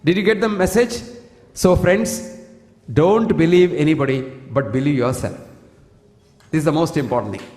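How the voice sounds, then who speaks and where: A high-pitched man with an Indian English accent lectures emphatically and in a preachy way, reciting Sanskrit verses between points. His voice rings through an echoey hall with a long reverb tail. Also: normal speed, pauses often, a little mellow. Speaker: doctor giving a health lecture. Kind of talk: public health lecture. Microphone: single fixed stand mic.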